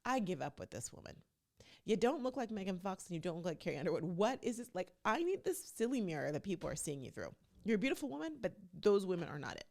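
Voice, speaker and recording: A woman with a low voice and a gravelly edge hosts a casual talk podcast. She is chatty and emphatic and speaks straight to her listeners. Her delivery stays loose and conversational throughout. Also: very animated, quick pace, darkish tone. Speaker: podcast host. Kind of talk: casual reality TV recap commentary.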